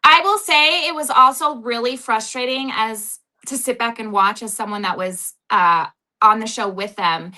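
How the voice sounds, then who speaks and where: Brief: outspoken woman guest, high bright tone, swears freely, lively storytelling. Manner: profane, animated storytelling. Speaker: guest, former cast member. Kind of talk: casual podcast chat.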